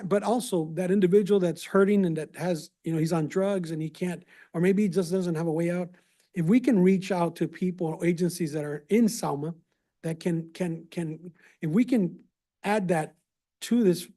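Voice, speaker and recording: A councilman with a fairly high but mellow voice and a Californian accent speaks at a city meeting. He talks haltingly, repeating words as he gropes for what to say next. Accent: Californian English. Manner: halting, repeats words while searching for them.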